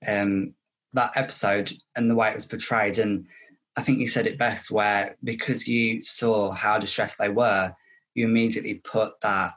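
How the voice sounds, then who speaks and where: A man hosting an interview, speaking in a gentle, empathetic and affirming way. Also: fairly low pitch, steady tone, moderate pace. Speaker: interview host. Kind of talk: supportive interview conversation.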